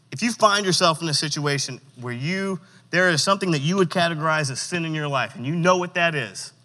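High, bright-voiced preacher in a hall. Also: male voice. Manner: interactive, coaxing audience responses; reads scripture with slow emphasis. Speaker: youth pastor. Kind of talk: sermon. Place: church hall. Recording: long hall reverb.

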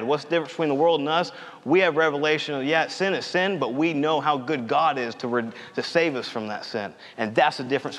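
A man's voice: medium pitch, a bit bright. Young man preaching in a reverberant hall. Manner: earnest, conversational preaching with storytelling. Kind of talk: sermon.

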